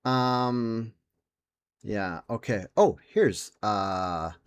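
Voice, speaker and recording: A man's voice: fairly low pitch, extremely slow, clear, resonant tone. A young man hosting a podcast in casual chat, rambling and sarcastic, swearing and mimicking people in silly voices. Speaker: podcast host.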